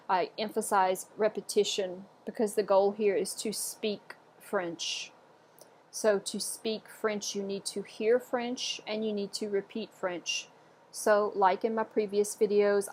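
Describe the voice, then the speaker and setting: Patient woman teaching pronunciation. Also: mid-range voice. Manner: patient, repeats words slowly for learners. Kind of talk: instructional lesson. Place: indoors, camera off.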